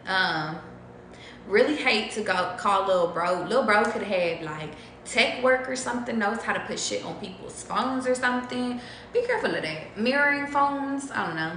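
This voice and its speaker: A woman's voice: a little high, sharp tone, reverberant, a little hiss or hum. A young woman doing a casual live tarot reading, rambling and profane, thinking aloud with lots of ums. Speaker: tarot reader.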